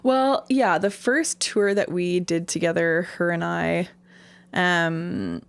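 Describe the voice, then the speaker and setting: A woman's voice: lowish voice, expressive, takes it slowly, gravelly, clear, resonant tone, no room sound. A woman from Canada, an interview guest, telling stories in a rambling casual way with many fillers. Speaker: interview guest, singer-songwriter.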